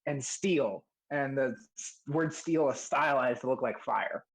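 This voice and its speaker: A man narrating a tabletop game as game master, describing scenes hesitantly with many pauses and restarts. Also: mid-range voice, slightly rough, low-quality recording.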